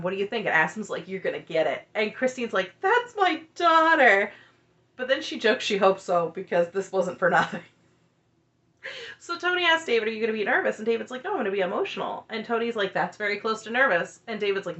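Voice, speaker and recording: A woman's voice: medium pitch, sharp tone, muffled recording. A woman in her thirties giving a chatty, opinionated recap of a reality show, laughing often as she talks. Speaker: reality TV recap channel host.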